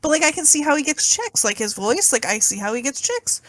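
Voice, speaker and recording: High-voiced, rambling young woman. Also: very animated, a little fast, fairly bright tone, dry recording. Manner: rambling, blunt, lots of fillers. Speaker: podcast co-host. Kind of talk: casual storytelling chat.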